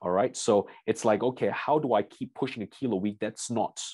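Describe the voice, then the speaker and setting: A man with a somewhat low, husky voice lectures as a strength coach in a seminar. He speaks straight to his listeners and tells a client story in an easy, conversational way. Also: fairly quick, a little mellow, dry recording. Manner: storytelling, addresses audience as "you guys".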